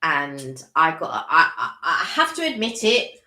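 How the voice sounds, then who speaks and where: A woman's voice: sits low, very animated, unhurried, pushed and bright. Rambling woman in an echoey room. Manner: enthusiastic, rambling with restarts. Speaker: co-host of a live stream. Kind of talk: casual live chat.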